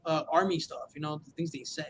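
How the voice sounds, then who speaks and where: A man co-hosting a casual movie podcast, chatting excitedly with quick asides. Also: fairly high pitch, breathy edge, poor audio. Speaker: podcast co-host.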